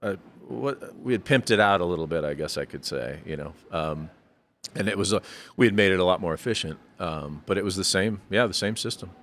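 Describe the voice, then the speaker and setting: A man's voice: deep voice, lively intonation, brisk, a bit bright, slight background noise. A man as a brewery guest on a casual podcast, giving thoughtful, rambling explanations with frequent self-corrections and lifting his voice when he jokes.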